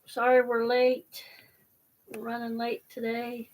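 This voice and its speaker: A woman's voice: fairly high pitch, monotone, slow, far from the mic, poor audio. A woman hosting a casual live stream, chatting in a rambling, apologetic way while eating dinner. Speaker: host.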